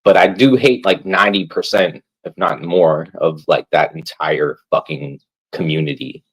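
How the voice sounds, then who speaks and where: A man streaming live rambles in a loose, profane rant, leaning on "like" between every thought. His voice sits low and sounds husky and breathy. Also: steady tone, moderate pace, rough recording. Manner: rambling, swears constantly, fills with "like". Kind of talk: casual profane rant while gaming.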